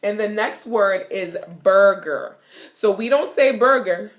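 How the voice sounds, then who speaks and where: A young woman with a Jamaican accent gives a playful, giggly patois lesson in her kitchen, repeating words slowly. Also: mid-range voice. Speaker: vlogger teaching patois. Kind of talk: casual video lesson. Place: home kitchen.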